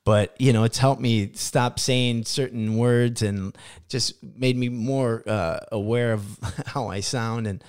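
Gravelly laid-back man hosting a podcast. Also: mid-range voice, steady tone, slow, a little mellow. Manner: laid-back, laughs along, short replies. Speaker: podcast host. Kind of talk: casual podcast chat.

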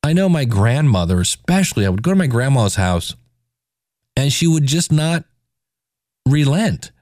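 A man's voice: mid-range voice, sing-song, normal speed, a little mellow, dry recording, studio quality. A man in his forties hosting a casual solo podcast, talking in a self-deprecating, joking way. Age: 40s. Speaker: podcast host.

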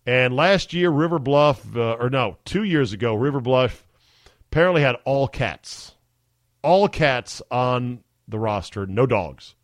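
A man's voice: mid-range voice, animated, a little slow, dry recording. A male podcast host, chatting casually and easily amused, with frequent fillers. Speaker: sports radio podcast host.

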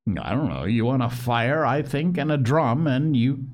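A man's voice: medium pitch, animated, unhurried, voice pushed up. A man reading an audiobook, voicing a keen, chatty schoolboy. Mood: eager.

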